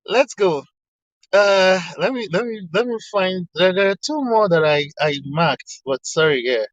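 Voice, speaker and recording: A man's voice: high-pitched, a bit bright, dry recording. A man in an online discussion room, earnestly quoting texts and arguing his point with frequent restarts. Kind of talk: casual argumentative talk quoting texts. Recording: slightly dull lo-fi online audio.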